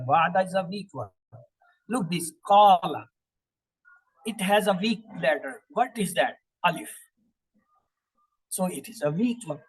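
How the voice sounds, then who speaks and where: A man teaching Quranic Arabic in a classroom lesson, slowly drilling word patterns and asking questions that he answers himself. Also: high voice, breathy edge, low-quality recording. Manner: slow, repetitive recitation of word patterns.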